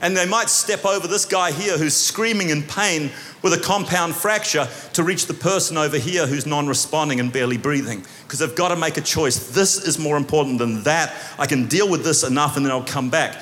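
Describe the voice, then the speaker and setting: A man from New Zealand with a New Zealand accent preaches with a high voice. He acts out voices and swings between loud shouts and quiet asides. His voice rings with a long reverb from the church hall. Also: a little fast, hardly any pauses. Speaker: pastor. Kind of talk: sermon.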